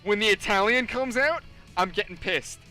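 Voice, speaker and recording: Bright-voiced New York streamer, chatty. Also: male voice, high voice, lively intonation, normal speed, soft background music. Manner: rambling storyteller, swears freely. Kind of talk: casual gaming chat.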